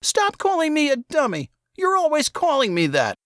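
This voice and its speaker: A man voicing a crying, furious teenage younger brother in an audiobook, with a shrill, tearful voice. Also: huge pitch swings, normal speed, a bit bright, dry recording, studio quality, heavily acted. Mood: whiny, accusing.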